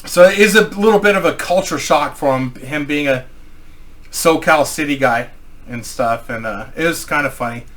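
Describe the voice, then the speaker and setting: A man's voice: fairly high pitch, normal speed, a bit bright. A man from Missouri telling a rambling, profanity-filled anecdote in a casual style. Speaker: storyteller.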